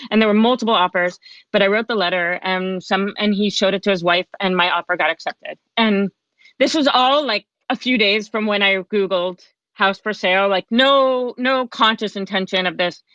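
On a podcast, a woman who is an author and coach tells her own story in a candid, chatty conversation, acting out the lines she quotes. Her mid-range voice moves at normal speed and is a bit bright, though it sounds slightly dull and dry, with no room echo.

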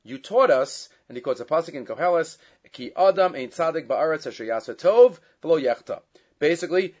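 In a Torah class lecture captured with dull lo-fi sound, a man with a fairly high pitch speaks briskly, reading Hebrew and Aramaic texts and translating them. He uses many fillers and grows loud and animated when he retells a story.

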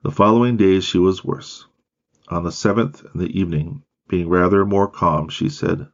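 A man reading a biography aloud in a measured, steady way, with occasional slips. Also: low-pitched. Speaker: audiobook reader. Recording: dull lo-fi recording.

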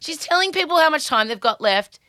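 A woman's voice: high-pitched, expressive, brisk, sharp tone. A middle-aged Australian woman hosting a podcast, chatting candidly and anxiously and swearing freely. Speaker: podcast host. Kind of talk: casual podcast monologue.

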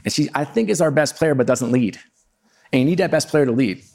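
A man's voice: medium pitch, animated, fairly quick, vocal fry, darkish tone. Chatty self-deprecating middle-aged man. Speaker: keynote speaker. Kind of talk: storytelling talk to a live audience. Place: room with a live audience.

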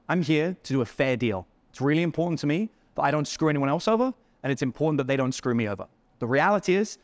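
A man hosting a business podcast, telling stories with lively acted-out dialogue. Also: mid-range voice, no room sound. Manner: animated, acts out dialogue in his stories. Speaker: podcast host. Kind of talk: storytelling interview chat.

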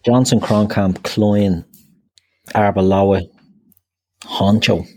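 A man's voice: on the low side, steady tone, slow pace, warm tone. A man taking part in a football quiz, thinking aloud and swearing casually. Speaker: quiz contestant. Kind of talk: casual podcast banter.

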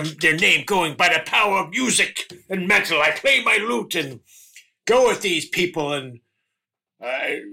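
A short, angry barbarian bard grumbles and rambles, as a man puts him on. The voice is bright and forceful, and it sits a little higher than average. He sounds like a tabletop game player speaking in character. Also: creaky, exaggerated voice.

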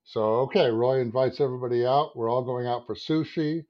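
A man's voice: mid-range voice, a little fast. A man in his fifties, an advertising creative director, telling a long story as a podcast guest, swearing and acting out his own thoughts. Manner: animated, swearing, acts out his own inner voice. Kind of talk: anecdotal storytelling in a podcast interview. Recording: dull lo-fi sound.

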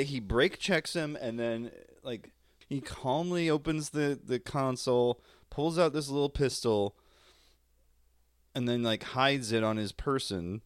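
A man's voice: mid-range voice, unhurried, dry recording, clean studio sound. A man co-hosting a comedy podcast in casual chat, laughing often as he retells online clips. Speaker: podcast co-host.

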